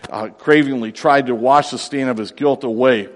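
A man's voice: medium pitch, moderate pace. Preaching man in a reverberant hall. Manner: dramatic, swings from hushed to loud. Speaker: pastor. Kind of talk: sermon.

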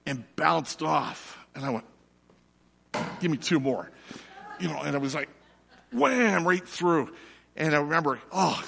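A middle-aged man, preaching a sermon and telling a lively personal story before turning quiet and slow. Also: fairly high pitch, vocal fry. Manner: animated storyteller, drops to soft and slow for reflection. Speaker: pastor. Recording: long reverb of a large hall.

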